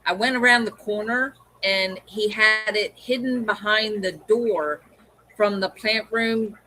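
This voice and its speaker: A middle-aged woman co-hosts a live stream, spinning a casual story. She acts out the lines of the people in it with a lively delivery, in an ordinary mid-range voice. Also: mid-range voice, measured pace, slight background noise. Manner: animated, acts out quoted dialogue. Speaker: co-host of a pet hobby live stream.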